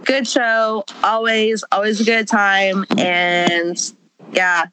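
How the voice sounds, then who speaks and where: A woman's voice: mid-range voice, level tone, slow pace, bright, forceful tone, a little hiss or hum, poor audio. Brash, foul-mouthed woman roasting. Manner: brash, profane insult comic. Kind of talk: comedy roast.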